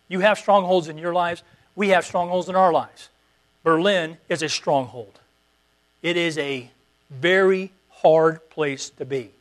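A man preaching a sermon in a fairly high voice. He drives his points home with short repeated calls, dropping to near-quiet and then rising to loud emphasis. A faint mains hum runs under the recording. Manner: preacherly, repetitive exhortations swinging from quiet to emphatic. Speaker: pastor.

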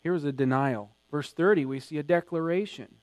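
Male pastor, slightly high voice, emphatic sermon delivery, dry sound with hum. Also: fairly quick, dry recording. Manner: emphatic preaching, swelling louder in acted quotes.

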